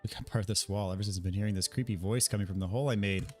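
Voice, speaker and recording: A man hosting a livestream, relaxed and muttering short asides to himself while he plays a game. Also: fairly low pitch, very fast, faint music behind. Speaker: livestream host. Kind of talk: casual gameplay commentary.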